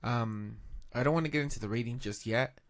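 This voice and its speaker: A man co-hosting a beer-tasting podcast, talking in a laid-back, hesitant way with many pauses and ums. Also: medium pitch. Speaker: podcast co-host. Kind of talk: casual beer-tasting chat.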